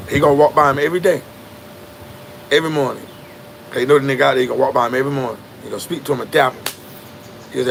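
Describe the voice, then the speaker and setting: Emphatic male storyteller, casual and preachy, gravelly, mid-pitched. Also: fairly even intonation, very fast, pauses often, fairly bright tone, slight background noise. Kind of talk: casual street storytelling monologue.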